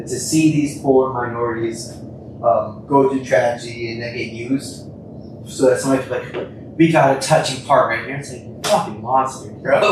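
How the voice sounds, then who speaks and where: A man's voice: mid-range voice, recorded from a distance, noisy background. Laid-back, profane young man in an echoey room. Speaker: podcast guest. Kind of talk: casual conversation.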